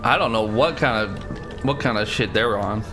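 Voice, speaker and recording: A man's voice: fairly low pitch, moderate pace, over music. A man casually commentating a game stream, chatty, swearing and answering his chat.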